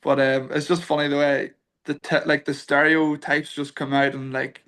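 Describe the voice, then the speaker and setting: Young irish guy, flat-ish delivery, easygoing storyteller, lots of restarts. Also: fairly high pitch, normal speed. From Ireland. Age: young adult. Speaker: guest, football kicker. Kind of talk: casual podcast interview.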